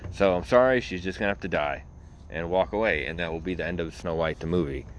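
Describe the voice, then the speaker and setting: A man's voice: low-pitched, fast talker, slight background noise, natural voice. A man voicing a timid, polite young prince who talks hesitantly and apologetically. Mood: apologetic.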